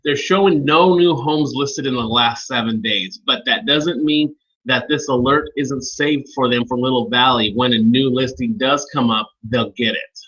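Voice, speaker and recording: Bright-voiced man running a training webinar. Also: medium pitch, moderate pace, husky, highs cut off. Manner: informal, addresses attendees by name. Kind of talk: live software training webinar.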